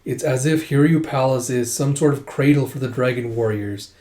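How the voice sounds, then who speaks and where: A man reading the lines of a calm, thoughtful male warrior. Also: medium pitch, normal speed, close to an everyday voice. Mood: reflective.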